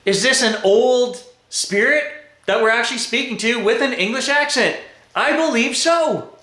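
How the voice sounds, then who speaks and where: A Canadian man running a live spirit box session outdoors in cold woods, excitedly talking to spirits and viewers. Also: very high voice, no room sound. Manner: excited, talks to spirits and viewers, quick chuckles. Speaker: paranormal vlogger.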